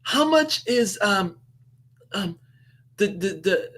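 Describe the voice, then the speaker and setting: A man putting on an unsure young guy, squeaky high, stalls and stammers. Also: lively intonation, slow, fairly bright tone, full character voice. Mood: hesitant. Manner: hesitant, stammering, fumbling questions. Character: nervous young male first-time customer.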